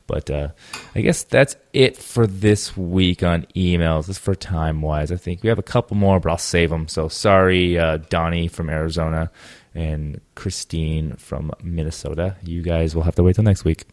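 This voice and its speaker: A man with a low voice at normal speed hosts a gaming podcast, recorded at studio quality with no echo. His casual chat rambles, is heavy with fillers, and is punctuated by frequent laughs.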